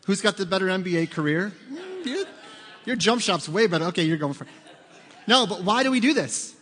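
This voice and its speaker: A middle-aged man preaching a sermon as pastor, lively and joking, acting out small bits of dialogue. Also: high-pitched, brisk. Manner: lively, joking, acts out voices of children. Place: church sanctuary. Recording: long hall reverb.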